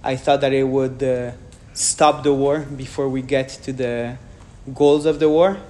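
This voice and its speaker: Speaking with a French accent, this man fields audience questions candidly during a public talk, with measured pauses and restarts. His tone is mellow and steady at a medium pitch.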